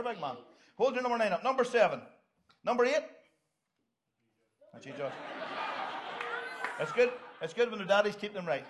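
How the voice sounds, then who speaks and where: Upbeat jokey man, high voice. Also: fairly bright tone. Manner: jokey, upbeat, directing volunteers. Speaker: pastor. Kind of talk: children's talk in church.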